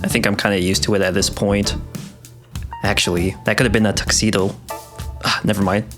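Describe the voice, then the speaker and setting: Hushed excitable gamer guy. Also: on the low side, brisk, over music. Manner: excitable, swears often, bursts into gasps and whispers; talks quietly and softly late at night. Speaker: gaming video creator. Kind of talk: casual gameplay commentary.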